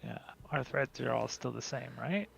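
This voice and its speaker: A man playing in a tabletop game, reacting with swearing and slow remarks. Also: medium pitch, expressive, creaky, fairly bright tone, a little hiss or hum. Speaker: player. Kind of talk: tabletop role-play.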